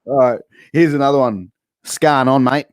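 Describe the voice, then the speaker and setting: A playful Australian man hosts a casual interview, swearing freely as he quizzes his guest. His voice sits at an ordinary middle pitch, heard over a video call. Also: normal speed, dry recording, clean studio sound. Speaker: host.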